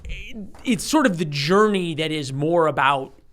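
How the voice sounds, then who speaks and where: Man in his forties, guest author, animated storytelling, slightly higher voice. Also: measured pace. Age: 40s. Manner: animated storyteller who acts out quoted voices, with frequent restarts. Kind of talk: storytelling in a conversational interview.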